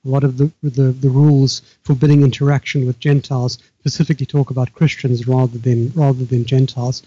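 An older man from Africa, speaking as a guest author in a halting, measured way with frequent restarts. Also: medium pitch, flat delivery, warm tone, breathy edge, no room sound, lo-fi sound. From South Africa. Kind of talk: remote interview conversation.

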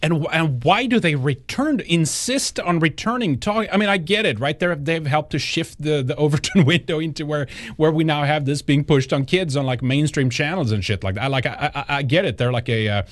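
A man's voice: on the high side, a little fast, few pauses, dry recording. Profane, rambling male podcast host. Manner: rambling, profane, indignant commentary. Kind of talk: news commentary podcast.

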